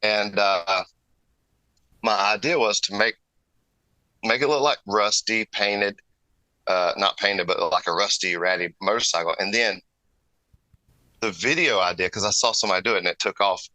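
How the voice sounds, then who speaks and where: A man's voice: on the low side, normal speed, long pauses, pushed and bright, dry recording, low-quality recording. A man guest on a podcast, an airbrush artist telling stories in casual, rambling chat, often breaking off and restarting his sentences. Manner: rambling, self-interrupting storyteller.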